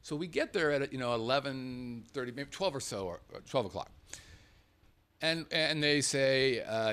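A man telling a travel story in a casual, animated way, swearing freely and acting out the dialogue himself. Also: medium pitch, moderate pace, smooth. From Las Vegas, USA.

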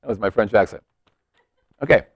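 A man's voice: on the low side, brisk, husky. A man hosting a casual chat show, joking around and rambling with self-mocking asides. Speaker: host.

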